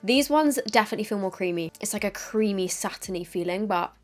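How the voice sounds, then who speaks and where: A woman's voice: medium pitch, animated, brisk, faint music behind. A young British woman, a beauty vlogger, chatting casually as she tries out makeup, with gushing little asides. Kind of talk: casual makeup testing vlog.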